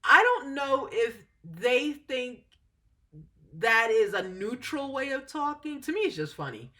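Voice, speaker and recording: A woman's voice: high-pitched, sing-song, measured pace, sharp tone. A woman giving a casual, talkative explanation as a spiritual teacher, often checking in with "okay?" and correcting herself as she goes. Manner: chatty, frequent "okay?" check-ins, self-correcting.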